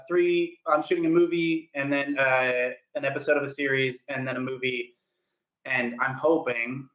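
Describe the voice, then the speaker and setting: A man's voice: mid-range voice, a bit bright. Upbeat chatty young man, echoey room. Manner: chatty and upbeat, greeting viewers by name. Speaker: actor hosting a livestream. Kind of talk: casual livestream chat answering viewer comments. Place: indoor home room.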